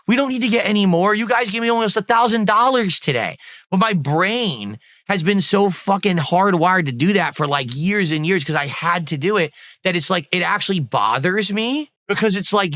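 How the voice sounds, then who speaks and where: Bright-voiced chatty male streamer. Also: high voice, animated, moderate pace, no room sound, clean studio sound. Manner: effusive, rambling, thankful, swears casually. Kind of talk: casual livestream chat.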